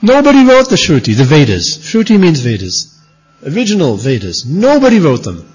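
A man with a husky, slightly high voice gives an emphatic scripture lecture, his pitch rising and falling a lot as he hammers home his points. The recording is dull and lo-fi. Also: wildly swooping pitch, normal speed, a little mellow, faint music behind. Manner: emphatic, repeats key points. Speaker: religious teacher.

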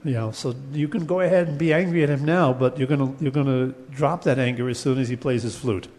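A man's voice: mid-range voice, fast, a little mellow. A man teaching a class on Sanskrit poetics. He explains patiently, sometimes chants Sanskrit verses, and often restarts his sentences with fillers. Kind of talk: classroom lecture. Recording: long hall reverb.

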